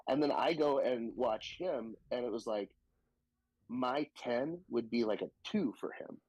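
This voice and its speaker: Man, from the Southern US, stand-up comedian, husky, animated storytelling, frequent swearing, dry close mic. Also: mid-range voice, measured pace, dry recording, muffled recording. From Southern United States. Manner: animated, profane, jumps into quoted voices. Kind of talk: casual podcast storytelling.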